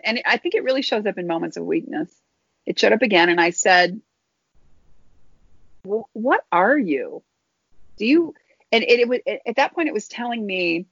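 A woman guest telling a personal story in an earnest, halting way, often restarting her phrases. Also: fairly low pitch, vocal fry, no room sound. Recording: dull lo-fi dry recording.

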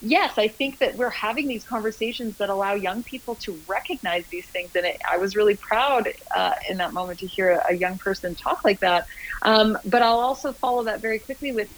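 A woman speaks as a guest in a casual interview, telling stories earnestly and with real animation. She often restarts her sentences and fills gaps with little words. Her voice sits in a middle pitch and sounds like a radio broadcast. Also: fairly quick, rough recording. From Canada. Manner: earnest, animated storytelling with many fillers. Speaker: guest, agency founder.

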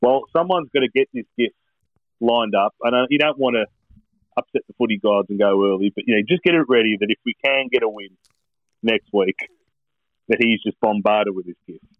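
An Australian man co-hosting a podcast over a video call, talking in a relaxed way and chuckling often. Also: lowish voice, a little fast, dry recording, phone-quality sound. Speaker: podcast co-host. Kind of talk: casual chat.

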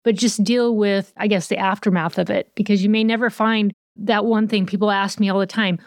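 A woman with a mid-range voice co-hosts a podcast in relaxed conversation. She talks in a reflective, searching way, often pausing on small fillers. The recording is dry and close, with no room sound. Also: medium pitch, dry recording. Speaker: podcast co-host. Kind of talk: casual podcast talk.

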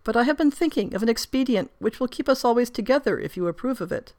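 A woman's voice: on the high side, lively intonation, fast talker, darkish tone, natural voice. A woman reading aloud the lines of an affectionate, resolute young noblewoman in tender, formal prose. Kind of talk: reading a period novel aloud.

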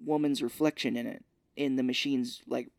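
A man co-hosting a podcast, casually retelling a film's scenes and slipping into quick voices for the characters. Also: medium pitch, steady tone, gravelly, no room sound, clean studio sound. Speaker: podcast co-host. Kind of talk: casual movie recap chat.

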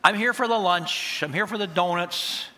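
A man putting on the voice of a dismissive skeptic who only came to church for lunch, mumbling and halting. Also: sits high, sharp tone.

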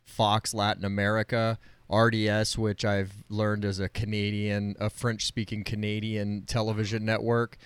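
Male co-host, low clear voice, dry teasing banter, dead-dry video-call sound. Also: completely flat delivery, moderate pace, no room sound. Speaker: podcast co-host. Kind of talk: casual chat over video call.

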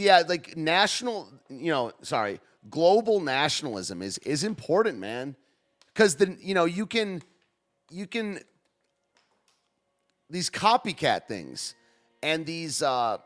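A man's voice: a little high, a bit bright. A man hosting a show, rambling through news clips in loose, slangy casual commentary and laughing often. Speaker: show host.

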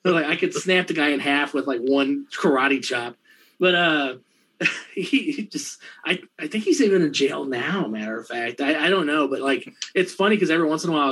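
A man's voice: on the high side, fairly bright tone, a little hiss or hum, poor audio. Profane, laughing man telling a story. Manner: profane, laughing anecdotes with quoted dialogue; quick, rambling delivery with fillers. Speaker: storyteller in a conversation. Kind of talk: casual chat.

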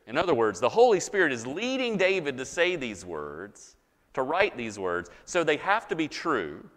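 Male pastor preaching, lots of pitch swing, talky teaching vibe, big hall echo. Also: big pitch swings, normal speed, a bit bright. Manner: conversational teaching, checks in with listeners. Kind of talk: sermon. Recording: hall reverb.

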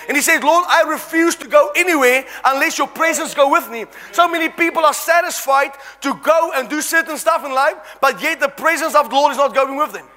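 Guy preaching hard, really high bright voice, big echoey church hall. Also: a little fast, hardly any pauses. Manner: impassioned, with scripture read aloud. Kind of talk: sermon. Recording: long reverb in a large hall.

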